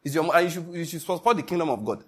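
A pastor preaching an emphatic sermon, often asking the congregation if they follow. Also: male voice, on the high side, rapid-fire, husky.

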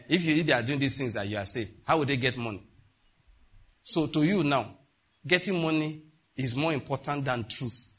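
A man's voice: mid-range voice, a bit bright. A middle-aged man, preaching a sermon emphatically and asking the congregation rhetorical questions. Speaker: pastor.

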